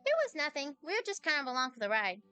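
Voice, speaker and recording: A woman's voice: high voice, sing-song, fast talker, pushed and bright, soft background music, exaggerated voice. A woman reading as a chirpy little fairy. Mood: chatty. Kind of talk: reading game dialogue aloud.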